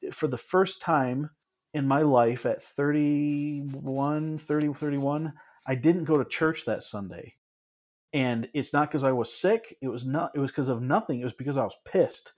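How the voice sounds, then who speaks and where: A man's voice: medium pitch, a little mellow. A man in his thirties from Michigan, speaking as a podcast guest. He tells his story in a casual, reflective way. He often restarts and adds asides as he goes. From Michigan, USA.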